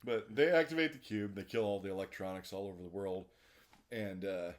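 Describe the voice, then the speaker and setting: A man's voice: lowish voice, a little fast. A man co-hosting a podcast, casually recapping a cartoon episode at length and laughing often. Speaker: podcast co-host.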